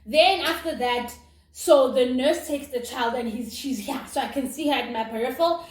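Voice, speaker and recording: A young woman tells a story on her vlog with animated, dramatic energy. Her voice sits high and lifts easily. The room sounds echoey, with a faint hiss underneath. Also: moderate pace. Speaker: vlogger. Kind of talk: casual storytime. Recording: roomy with faint noise.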